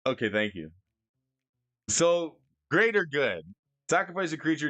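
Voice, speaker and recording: A man streaming casually, excitable and often stammering through restarts as he talks about cards and gifts. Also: a little high, measured pace, long pauses, no echo, faint music behind. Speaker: streamer discussing card prices. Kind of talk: casual live-stream chat.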